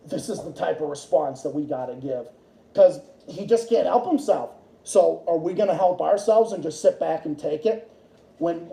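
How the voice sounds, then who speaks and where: A high-voiced man tears into his targets on a solo livestream, swearing constantly and circling back to the same lines. His tone is mellow and soft-edged, and the room around him is echoey. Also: gravelly. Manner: angry, profane, repeats himself. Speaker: livestream host. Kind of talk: solo political rant stream.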